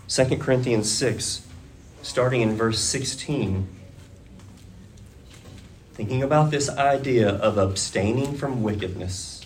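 A man preaching a sermon at an unhurried, deliberate pace, his voice sitting at an ordinary middle pitch. He lays out his points carefully and leans hard into repeated admonitions when he presses them home. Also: slight background noise. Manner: slow, deliberate preaching that rises to emphatic urging. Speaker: pastor.

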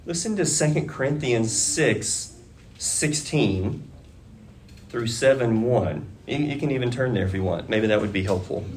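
A man preaching a sermon to a congregation, deliberate and measured, rising to emphatic urging at key points. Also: mid-range voice, animated, a little mellow, a little hiss or hum. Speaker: pastor.

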